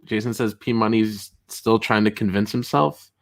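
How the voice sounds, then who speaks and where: A young man hosting a casual livestream, reading chat messages aloud, laughing often and getting loud and worked up when he tells a story. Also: fairly low pitch, moderate pace, creaky. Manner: chatty, excitable, laughs often, rising to shouts when riled. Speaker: streamer host reading chat.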